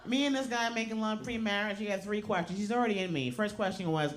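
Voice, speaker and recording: A woman's voice: mid-range voice, fast talker, very noisy. A woman performing a raunchy stand-up routine on a comedy club stage, with blunt, punchy delivery. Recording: club recording with loud audience laughter.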